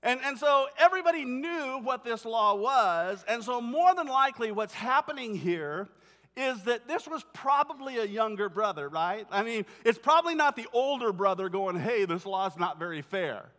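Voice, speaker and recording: Man, pastor, high voice, conversational sermon, acts out voices, long hall reverb. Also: normal speed. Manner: conversational, animated storytelling with acted-out voices. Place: church sanctuary.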